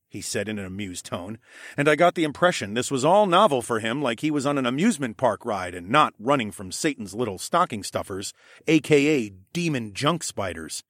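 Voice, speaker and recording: A man narrating a first-person audiobook in a wry, expressive way, shouting the dialogue of his hero. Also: medium pitch, a little fast, no echo, studio quality.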